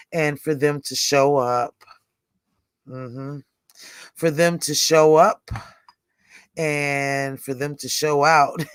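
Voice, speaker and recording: A woman's voice: low-pitched, dry recording, clean studio sound. A woman in her forties hosting a livestream in rambling, casual chat, often laughing. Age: 40s. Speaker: livestream host.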